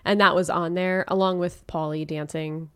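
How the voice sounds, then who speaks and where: A woman's voice: lowish voice, fairly even intonation, normal speed, smooth. A woman co-hosting a podcast, giving blunt opinions in casual chat with many fillers. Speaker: podcast co-host.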